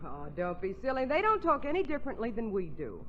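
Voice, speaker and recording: A woman's voice: fairly high pitch, huge pitch swings, quick pace, a little hiss or hum. A woman in a 1940s radio comedy, speaking in a patient, correcting wifely tone. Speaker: singer and co-host. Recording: muffled old radio broadcast.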